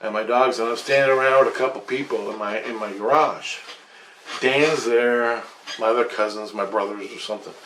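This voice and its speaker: A man tells a long dream story in a loose, rambling monologue, swearing often and growing agitated as he talks. His voice sits at an ordinary middle pitch. It sounds like a bare, echoey room with a faint hiss underneath. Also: normal speed, a bit bright. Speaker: vlogger recounting dreams.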